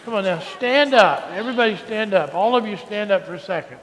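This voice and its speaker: A priest giving a lively, coaxing children's sermon in a large church. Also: male voice, sits high, brisk, crowd noise. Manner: animated and coaxing, with a Southern drawl. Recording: reverberant church hall, faint ambience.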